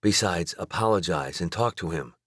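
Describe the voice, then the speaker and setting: A man's voice: expressive, moderate pace, dry recording, clean studio sound. Man voicing an earnest young heroine. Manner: high, trembling when emotional.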